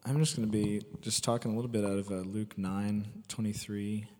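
A married man from the congregation starting a short, informal Bible sharing, quiet and full of hesitations. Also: lowish voice, steady tone, brisk. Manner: hesitant, quiet, heavy on fillers. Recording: church hall reverb with faint noise.

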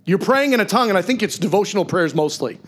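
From the pulpit, a male pastor delivers a lively church sermon in a high, bright voice whose pitch swings widely up and down. He addresses the congregation conversationally, sprinkling in asides and quick questions.

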